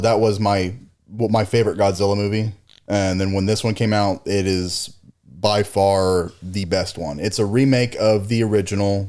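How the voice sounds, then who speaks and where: A man with a low voice chats on a podcast. He gets worked up over movies he loved, swears freely and says dude a lot. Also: darkish tone. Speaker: podcast co-host. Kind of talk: casual chat.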